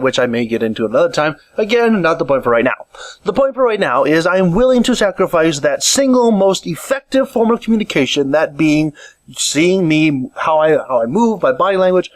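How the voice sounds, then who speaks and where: A podcast host with a higher-pitched voice sits in a chair in a room at home, talking solo into a condenser mic fitted with an improvised pop filter. His casual monologue rambles and restarts often as he gestures while speaking, and there's no echo.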